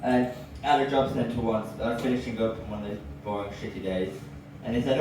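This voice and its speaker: An English man performing a lively stand-up set, telling stories and now and then bursting into loud cries. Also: mid-range voice, a little fast. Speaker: stand-up comedian. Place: comedy club with audience. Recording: echoey room from far off, audible noise.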